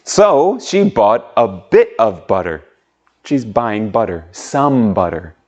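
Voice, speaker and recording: A man's voice: fairly low pitch, big pitch swings, slow pace, darkish tone. A man teaching an online English pronunciation lesson, patiently drawing out sounds and leading drills. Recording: muffled lo-fi audio.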